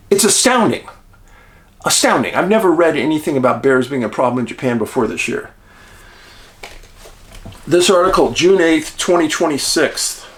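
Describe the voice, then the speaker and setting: A man's voice: a little high, expressive, normal speed, pauses often. A man hosting his show, talking in a folksy, chatty way straight to his viewers. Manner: folksy, chatty, addresses listeners as friends. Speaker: show host. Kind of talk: casual monologue.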